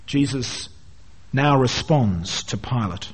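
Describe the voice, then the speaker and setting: A man teaching through a Bible passage verse by verse, with an expressive delivery that drops low at the ends of phrases. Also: slow pace, husky. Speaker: preacher.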